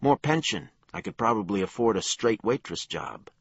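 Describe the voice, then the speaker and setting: A man's voice: fairly low pitch, sing-song, normal speed, husky, no echo, dull audio, pitched above the performer's own voice, heavily acted. A laconic female cop, as a man puts her on. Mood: teasing. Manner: dry, laconic delivery. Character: tough, laconic female police officer. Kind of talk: audiobook character voice.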